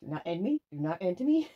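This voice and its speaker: A woman hosts a casual paranormal challenge vlog, excitable and dramatic, swearing freely as she addresses the camera. Her voice is lowish and the audio sounds dull.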